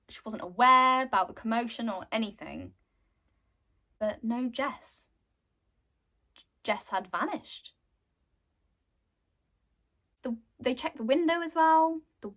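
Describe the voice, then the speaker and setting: A woman's voice: a little high, fairly bright tone. A young woman casually retelling a game's story in a chatty way, with lots of fillers. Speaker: content creator.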